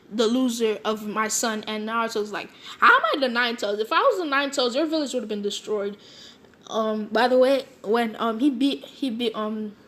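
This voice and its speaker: A woman's voice: on the high side, fairly bright tone. A woman casually retelling a fan-made story off the cuff, rambling with many fillers and briefly acting out the characters' lines.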